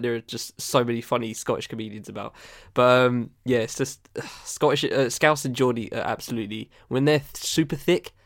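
A man's voice: medium pitch, dry recording, studio quality. A young man with an English accent hosting a casual music podcast, chatty and slangy, laughing often. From England. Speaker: podcast host.

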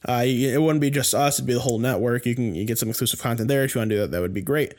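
A man's voice: medium pitch, very fast, a little mellow. A man co-hosting a sports podcast in casual chat, rambling and heated, with many restarts and fillers. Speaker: podcast co-host.

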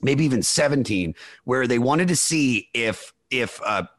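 Rambling, excitable man hosting a podcast. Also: medium pitch, unhurried, no room sound. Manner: rambling, excitable, swears casually. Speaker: podcast host. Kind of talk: casual chat.

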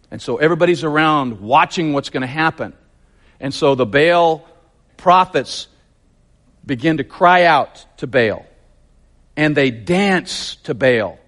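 A man's voice: fairly high pitch, lively intonation, measured pace, long pauses, fairly bright tone. A man preaching a sermon, telling the story vividly and emphatically with lots of repetition.

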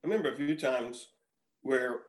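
Guy in his 50s spinning old ballpark yarns, acts out the quotes, normal pitch. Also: moderate pace. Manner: animated, acts out quoted lines in his stories. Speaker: podcast guest, former pitcher. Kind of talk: casual storytelling.

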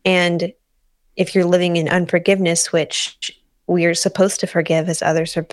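A thoughtful, low-voiced woman. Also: flat delivery, moderate pace, no room sound. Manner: thoughtful, searching for words. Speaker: podcast co-host. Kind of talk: casual discussion.

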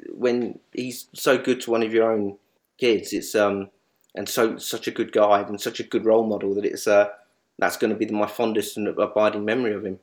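A man in speedway journalism, sharing memories of a late colleague in a halting, repetitive way, often restarting sentences. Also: lowish voice. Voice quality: halting, many restarts and repeats. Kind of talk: emotional tribute reminiscence.

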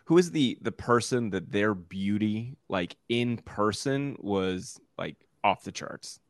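A man co-hosting a podcast, relaxed, with short friendly reactions and questions. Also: fairly low pitch, takes it slowly. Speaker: podcast co-host. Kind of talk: casual interview.

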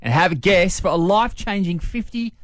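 A man hosting breakfast radio, reading time checks and promos briskly. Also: high-pitched, lively intonation, fairly bright tone, dry recording. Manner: brisk, upbeat announcer delivery. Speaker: radio breakfast show host. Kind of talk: radio presenting.

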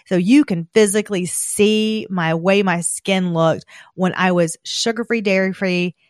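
A chatty woman with a Southern American accent talks casually, bursting into excited exclamations. Her voice sits at an ordinary middle pitch. It is recorded close and dry, with no room sound. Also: measured pace, no room sound. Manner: chatty, gushing, animated exclamations. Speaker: esthetician podcast host. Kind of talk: casual chat.

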